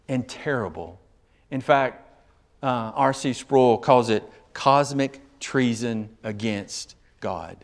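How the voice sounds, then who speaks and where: A smooth, slightly bright, mid-range male voice carries an emphatic sermon in which the pastor reads scripture verses and explains them, his volume rising and falling throughout.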